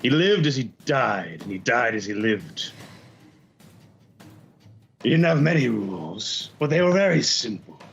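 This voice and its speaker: A man's voice: medium pitch, sing-song, unhurried, gravelly, pauses often, faint music behind. A man voicing a swaggering male pirate who gives grand, theatrical speeches in a tabletop game, on slightly dull audio. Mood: rousing.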